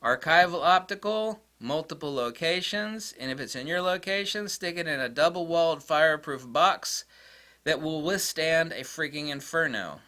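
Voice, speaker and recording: A man's voice: animated, moderate pace, sharp tone. A man ranting to camera in a blunt, exasperated way as a tech vlogger. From United States. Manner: mocks critics in high squeaky voices. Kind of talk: casual rant to camera.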